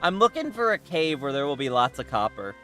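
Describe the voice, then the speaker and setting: A man's voice: on the high side, very animated, fairly quick, sharp tone, soft background music. A man chatting casually while streaming a game, rambling with many restarts and bursts of laughter. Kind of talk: casual game livestream chat.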